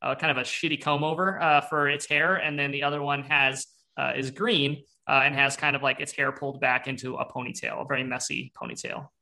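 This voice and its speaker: A man's voice: medium pitch, level tone, a little fast, gravelly, pushed and bright. A young man narrating as game master, rambling and descriptive with many fillers.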